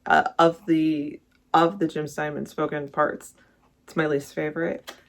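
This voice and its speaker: Little pitch movement marks this medium-pitched, creaky voice, which runs a bit slow. The music reviewer vlogger ranks songs in a casual, wandering way, often self-correcting and effusive about favorites.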